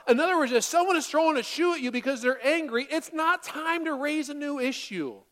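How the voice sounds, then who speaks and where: A woman in her forties, a pastor preaching a sermon to a congregation in a church, animated and dramatic, dropping to quiet asides and rising to loud bursts. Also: medium pitch. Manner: animated, acts out quoted voices, swings from quiet to loud.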